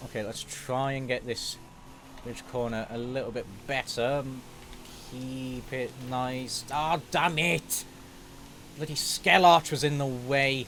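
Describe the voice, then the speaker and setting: A young man giving excitable, fast-moving play-by-play of his own racing game, swearing when things go wrong. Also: medium pitch, slight background noise. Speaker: gaming YouTuber. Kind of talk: live racing game commentary.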